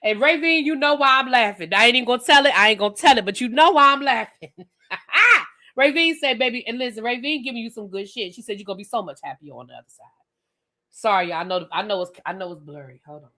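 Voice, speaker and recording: A woman ranting through a live reality-TV review, talking blunt and sassy straight to her viewers. Her voice sits high and rings bright. She speaks into a webcam. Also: a little fast. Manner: animated, blunt and sassy, addresses viewers directly. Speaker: reviewer and channel host.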